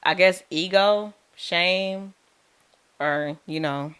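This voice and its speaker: A woman's voice: fairly low pitch, drawn-out words, fairly bright tone, clean tone. A woman, a nurse hosting a podcast, chatting candidly and casually in a slangy way. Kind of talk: casual chat.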